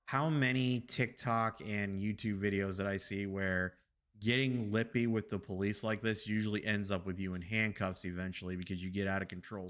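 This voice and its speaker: A man's voice: on the low side, fairly even intonation, a little fast, fairly bright tone. A man streaming games, telling a story casually with rambling, profane asides to his chat.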